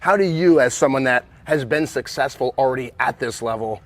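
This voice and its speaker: A man coaching and interviewing a softball player, encouraging and rambling, with many restarts in his questions. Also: mid-range voice, a little fast.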